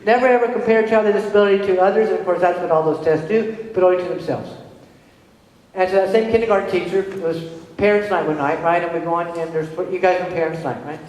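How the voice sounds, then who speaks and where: A middle-aged woman and parent giving a conference presentation to an audience, telling stories conversationally and checking in with the room. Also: on the low side. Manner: animated storytelling with quick restarts. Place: large hall with an audience. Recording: very echoey hall with long reverb.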